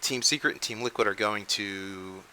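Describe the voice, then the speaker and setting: A man's voice: lowish voice, moderate pace, bright, forceful tone, slight background noise, rough recording. A young man hosting a casual game news show, rambling and often restarting his sentences. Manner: rambling, frequent restarts and self-corrections. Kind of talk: casual unscripted news chat.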